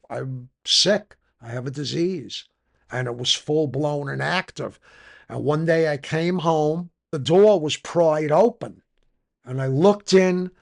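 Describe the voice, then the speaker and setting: A man's voice: fairly high pitch, a bit bright. An older man, telling his personal recovery story frankly in a conversational interview. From New York. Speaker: podcast guest.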